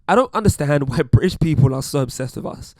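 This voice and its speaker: Guy doing a loud mocking american commenter, fake accent, high and pushy. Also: animated, quick pace, no echo, studio quality, natural voice. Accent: put-on American.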